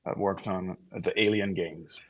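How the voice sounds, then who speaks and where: A man from the Netherlands, a Dutch native speaker, chatting as a guest actor in a relaxed way and laughing between phrases. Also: sits low, unhurried. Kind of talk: casual interview chat.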